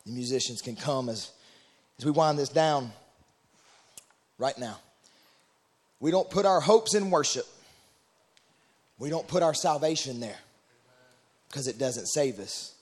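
A man preaching a Pentecostal sermon in a church, building from quiet teaching to shouted, rhythmic calls. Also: medium pitch, animated, a little slow, long pauses.

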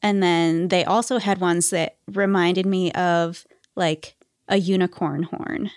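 A woman's voice: on the low side, fairly even intonation, slow, dry recording, clean studio sound. A young woman co-hosting a podcast, chatting casually with frequent laughs and filler words. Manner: giggly, rambling with many fillers. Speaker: podcast co-host. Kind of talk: casual chat.

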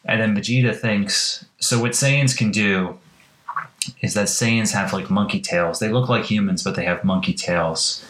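A man with a fairly low voice tells a long story in casual chat, rambling and circling back with plenty of filler words. He adds wry, playful asides as he goes. The room around him sounds echoey. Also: measured pace, fairly bright tone.

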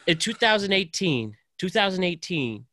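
A man's voice: high-pitched, big pitch swings, sharp tone, no room sound, studio quality. Rambling male podcast co-host. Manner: rambling, halting restarts. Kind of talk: casual chat.

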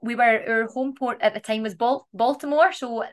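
A woman with a Scottish accent co-hosts a casual podcast. She tells funny, self-mocking stories with plenty of laughter, in a slightly high voice. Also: normal speed. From Scotland. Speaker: podcast co-host. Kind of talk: casual storytelling.

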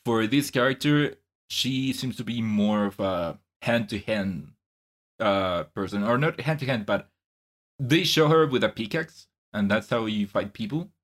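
Thoughtful podcast co-host, lowish voice. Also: male voice, lively intonation, a little slow. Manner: thoughtful, hesitant, self-correcting. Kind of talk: casual chat.

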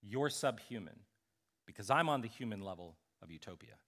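A man's voice: on the low side, fairly quick. A man preaching a sermon as a pastor, talking conversationally and acting out the people in the story. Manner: conversational, animated, acts out scripture characters.

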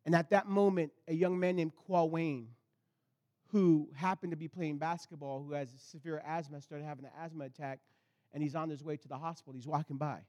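A man delivers a sermon in a high, bright-sounding tenor. He tells his story in animated swings, jumping to loud outbursts and then dropping to low, intense passages. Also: brisk, lo-fi sound. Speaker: pastor.

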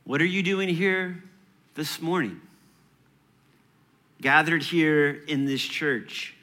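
Guy preaching in a church, kinda high bright voice, chatty and playful. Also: slow. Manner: conversational, playful preaching with asides and laughs. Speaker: pastor. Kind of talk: sermon.

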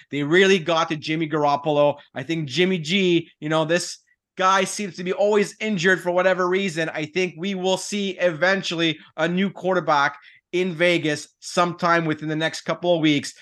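A man co-hosting a sports talk show, giving a steady, conversational game breakdown. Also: a little high. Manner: steady, conversational breakdown with fillers like "you know". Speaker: podcast co-host. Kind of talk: casual sports analysis.

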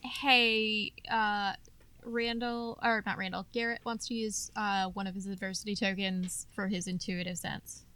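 A woman player in a tabletop game, asking the game master hesitantly and quietly. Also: mid-range voice, flat delivery, measured pace, clean tone. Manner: soft-spoken, hesitant with fillers.

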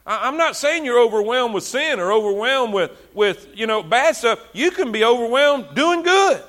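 A man's voice: very high-pitched, big pitch swings, normal speed, a bit bright. A male preacher giving a fervent, conversational sermon full of repetition, often stumbling over his words as he builds.

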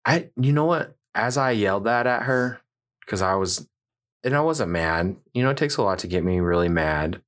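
A man hosting a podcast, telling an embarrassing story in casual chat with animated, self-mocking delivery. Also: on the low side, normal speed. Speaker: podcast host.

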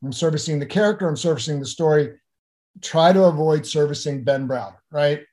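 A middle-aged man, an actor, talking in an animated interview, often restarting and repeating words. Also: on the high side, a little fast. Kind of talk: conversational interview.

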